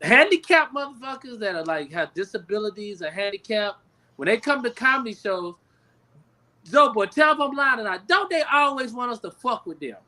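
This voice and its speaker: A male comedian co-hosting a podcast, talking with preachy, drawn-out emphasis and plenty of swearing. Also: very high-pitched, expressive, bright, forceful tone. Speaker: comedian co-host. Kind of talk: casual chat.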